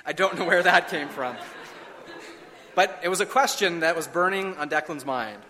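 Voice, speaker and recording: A man in his thirties preaching a sermon in an earnest way, slowing down with emphatic pauses. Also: fairly high pitch, sharp tone. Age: 30s. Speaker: pastor. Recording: long hall reverb.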